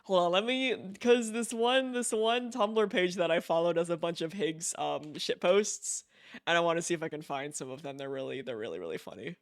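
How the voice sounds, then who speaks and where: Giggly high-voiced male streamer. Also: normal speed, no echo, clean studio sound. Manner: gushing, giggly, repeats words. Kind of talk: casual live-stream chat.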